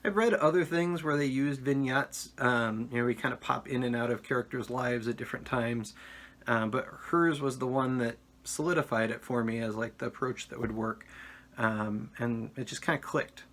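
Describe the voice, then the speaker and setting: Male author, casual vlog delivery, mid-range pitch, loose and rambling, lots of ums. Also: moderate pace, fairly bright tone. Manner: rambling with frequent ums and uhs. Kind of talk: casual talk to camera.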